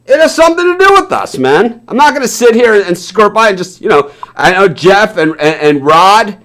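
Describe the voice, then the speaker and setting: A man's voice: high voice, sing-song, moderate pace, a bit bright. A man from the American South hosting a sports news stream, ranting live in a heated, blunt way, swearing often and ending lines with "man". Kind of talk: live impassioned rant.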